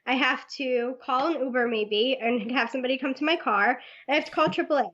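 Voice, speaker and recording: High-voiced laughing woman, lo-fi. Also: a little fast. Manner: lively storyteller, laughs often. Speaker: Etsy shop owner, guest. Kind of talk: casual interview chat.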